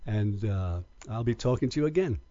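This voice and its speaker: A man's voice: fairly low pitch, moderate pace, dry recording. A man hosting a radio show, chatting and joking with callers in an easygoing way. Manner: joking, relaxed banter. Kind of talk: casual radio chat. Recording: dull lo-fi radio audio.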